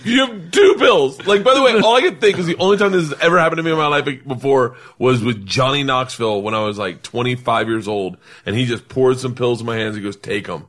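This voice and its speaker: A comedian in his forties tells a story with plenty of animation, slipping into the voices of the people he quotes. His pitch sits in a middle range, and the talk is loose and casual, the way a podcast host talks. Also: fairly quick, hardly any pauses, a bit bright. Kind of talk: casual chat.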